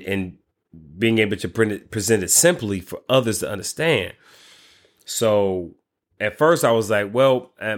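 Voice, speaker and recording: A man who works as a credit repair coach, telling a story casually, with lots of restarts, exclamations and swearing. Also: lowish voice. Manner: animated, frequent restarts and exclamations.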